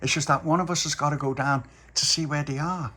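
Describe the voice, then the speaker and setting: A man's voice: fairly high pitch, steady tone, quick pace, sharp tone, voice pushed up. A man voicing a bossy, persuasive young girl in a silly family story. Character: little girl's cousin, bossy scheming girl.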